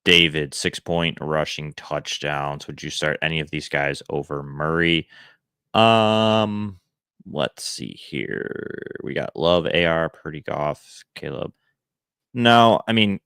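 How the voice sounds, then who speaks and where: Man, very deep voice, casual live show host, relaxed chatty delivery, dry close sound. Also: creaky, clear, resonant tone, dry recording. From Buffalo area. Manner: relaxed, chatty, quick verdicts with fillers. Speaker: fantasy football show host. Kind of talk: casual live advice show, answering viewer questions. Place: home room he calls Santa's workshop.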